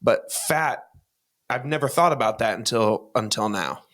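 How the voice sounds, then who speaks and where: A man's voice: medium pitch, expressive, measured pace, a bit bright. A man hosting a podcast talks in a casual, mid-range voice. He chimes in with short, reflective remarks. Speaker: podcast host. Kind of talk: casual interview chat.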